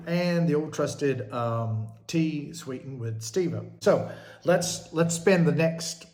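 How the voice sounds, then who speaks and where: A man's voice: on the high side, lively intonation, slow pace, a little mellow. A middle-aged man who is a minister, talking casually in a rambling, jokey monologue that keeps getting sidetracked and is full of fillers. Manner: chatty, jokey, easily sidetracked, many fillers. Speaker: minister hosting a show.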